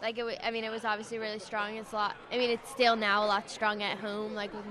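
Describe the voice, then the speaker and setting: With a crowd chattering behind her at a busy event, a shy young Englishwoman who is a singing contest guest gives casual radio interview answers. Her voice is mid-range and flat, and she talks fast, softly, trailing off with many fillers.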